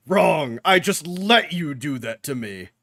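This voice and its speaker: A man's voice: a little high, pushed and bright, dry recording, clean studio sound. A young man giving casual reaction commentary while watching anime, talking back to the screen with jokes and swearing.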